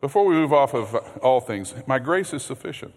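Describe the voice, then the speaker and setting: A man preaching a sermon as pastor, earnest, repeating words, swinging from loud emphasis to hushed low passages. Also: lively intonation, fairly quick. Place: church sanctuary. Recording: long hall reverb.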